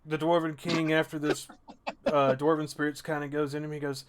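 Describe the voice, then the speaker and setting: A man's voice: fairly high pitch, flat delivery, a little fast. A man narrating a tabletop role-playing game as game master.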